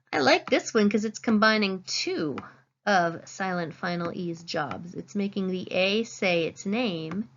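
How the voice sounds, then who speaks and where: Slow-spoken woman teaching phonics. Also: on the low side, a bit bright, highs cut off. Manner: slow, clear teacherly dictation, stressing words. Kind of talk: phonics lesson.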